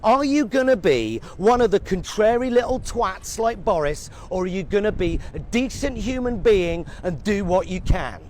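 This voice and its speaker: British man, middle-aged, satirical reporter rant, high voice, sarcastic, sweary, faint street ambience. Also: expressive, normal speed, hardly any pauses, a little mellow, a little hiss or hum. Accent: British English. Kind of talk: scripted satirical rant to camera. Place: outdoors at a street protest.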